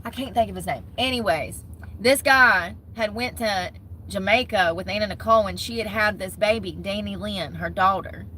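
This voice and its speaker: A young woman, chatting casually to camera as a vlogger, gossipy and animated. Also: mid-range voice, moderate pace, slight background noise, low-quality recording. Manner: chatty, gossipy, talks with her hands in words like "y'all" and "homegirl".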